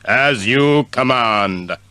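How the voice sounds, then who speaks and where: A man voicing a solemn male harp genie in a storybook reading, speaking slowly and formally. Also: mid-range voice, animated, pushed and bright, smooth, no echo, full character voice. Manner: slow, formal.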